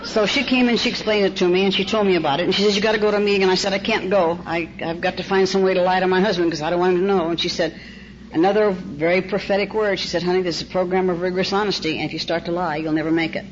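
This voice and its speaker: A woman's voice: lowish voice, fairly even intonation, rapid-fire, some chatter behind. A woman in her sixties from California giving a personal recovery testimony to an audience, wry and self-mocking, acting out the dialogue as she tells it. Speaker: recovery meeting speaker. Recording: muffled old cassette tape with faint hiss.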